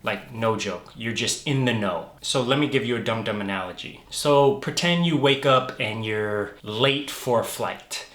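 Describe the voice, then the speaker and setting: An enthusiastic man chats to camera in a loose, easy way, leaning on "like" as he talks. His voice sits at an ordinary middle pitch. The room around him is noticeably echoey. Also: measured pace, few pauses, a bit bright. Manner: enthusiastic, loose and chatty, heavy on "like". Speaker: vlogger. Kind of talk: casual chat to camera. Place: lives in London.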